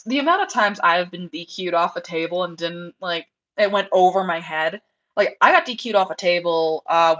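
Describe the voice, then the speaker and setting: A woman's voice: on the low side, a bit bright, muffled recording. Chatty woman rambling on a livestream. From United States. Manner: rambling, chatty, lots of fillers and asides. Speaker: livestream host, rabbit breeder. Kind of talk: casual livestream chat. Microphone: headset.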